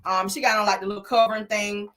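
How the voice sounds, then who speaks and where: A woman's voice: mid-range voice, steady tone, fast, a bit bright. A woman casually recapping a reality show, sassy and gossipy, sprinkling in "honey" and "child.".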